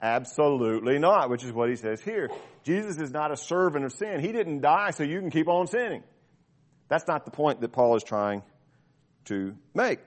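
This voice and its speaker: A man teaching a small Bible study class in a relaxed, conversational way, explaining verses plainly and checking in with his listeners. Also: fairly high pitch, normal speed.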